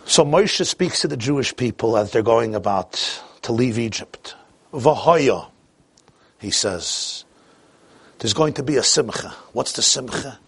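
A man's voice: mid-range voice, animated, a little slow, fairly bright tone, breathy edge, no room sound. A man telling a story in a sermon, acting out the characters and growing emphatic as he drives his point home. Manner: grows emphatic and exclamatory as he builds a point.

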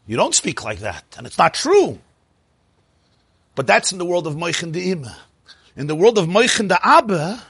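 A man's voice: sits high, fairly bright tone, husky, no room sound. A man giving a spoken Torah lecture, emphatic and repeating phrases for stress. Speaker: teacher of a religious class.

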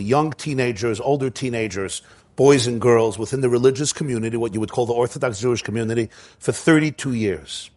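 A man preaching a sermon in an impassioned, repetitive storytelling manner. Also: medium pitch.

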